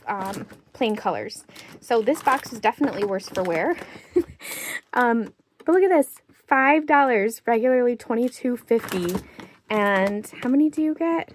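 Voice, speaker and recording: A woman's voice: mid-range voice, slight background noise. Chatty, slightly breathless young woman vlogger. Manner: chatty, excited about bargains, reads out prices. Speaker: craft haul vlogger. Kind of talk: casual show-and-tell haul.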